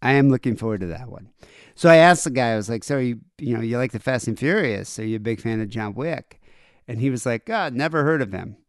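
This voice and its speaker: A man's voice: mid-range voice, brisk, no echo, clean studio sound. A man co-hosting a podcast, telling a story in casual chat and acting out both sides of a conversation. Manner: animated retelling, acts out both sides of a conversation. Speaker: podcast co-host.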